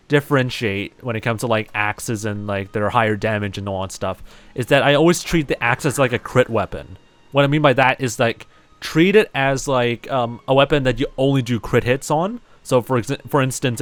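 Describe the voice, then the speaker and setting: A man from New Zealand with a light, slightly American-sounding accent. He chats casually to his live-stream audience while playing a game, leaning on "like" and "um" and restarting often. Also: medium pitch. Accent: light New Zealand, somewhat American-sounding. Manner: rambling, heavy use of "like" and "um", many restarts. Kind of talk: casual live-stream chat while gaming, reading chat aloud.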